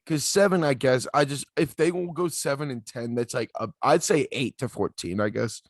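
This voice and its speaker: A man's voice: medium pitch, no echo, clean studio sound. A young man co-hosting a casual podcast chat over a video call, hedging his picks and laughing often. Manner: hesitant, hedging, quick to laugh. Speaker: podcast co-host.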